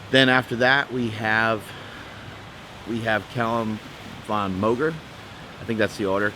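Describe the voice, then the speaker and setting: Easygoing lower-voiced man vlogging. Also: rough recording. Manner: easygoing, laughs often. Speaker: vlog host. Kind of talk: casual vlog chat. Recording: hissy background noise.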